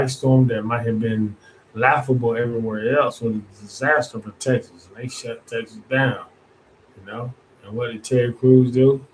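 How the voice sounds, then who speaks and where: Hosting his own podcast, a man delivers a casual, rambling monologue in colloquial speech, full of restarts and asides. His voice is medium in pitch, and the poor-quality audio carries slight background noise.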